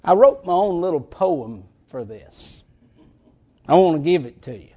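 A man preaching a sermon, reading scripture and speaking directly to his congregation with emphatic, drawn-out phrasing. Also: fairly high pitch, very animated, dark tone, husky.

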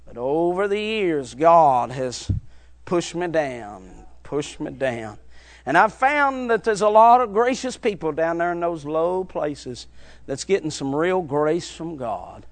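A man preaching a fervent sermon, dropping low and quiet, then building to shouted peaks. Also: lively intonation, a little slow. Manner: swings from hushed low drops to shouted high climaxes.

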